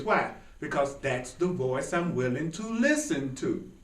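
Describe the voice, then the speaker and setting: Animated spiritual teacher in an echoey room. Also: male voice, a little high, far from the mic. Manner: animated, laughing, jokey asides. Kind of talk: informal class talk.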